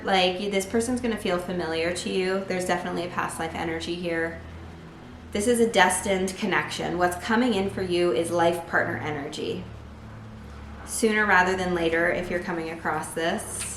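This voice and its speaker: Lower-voiced woman reading tarot in an echoey room. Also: a little hiss or hum. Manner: chatty, lots of "like", bursts of excitement. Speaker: tarot reader. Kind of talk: casual tarot reading to camera.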